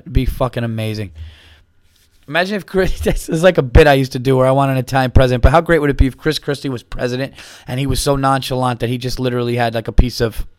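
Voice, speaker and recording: A man's voice: medium pitch, clean tone, no room sound, clean studio sound. A man hosting a podcast, a little buzzed, ranting profanely in a rambling casual monologue. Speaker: podcast host.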